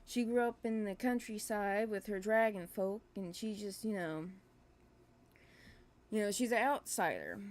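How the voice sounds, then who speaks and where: A woman's voice: mid-range voice, animated, a little slow, pauses often. Rambling, hesitant woman chatting on a livestream. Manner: rambling, hesitant, full of fillers and restarts; self-deprecating, apologetic. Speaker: webcomic creator streaming live. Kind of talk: casual livestream chat.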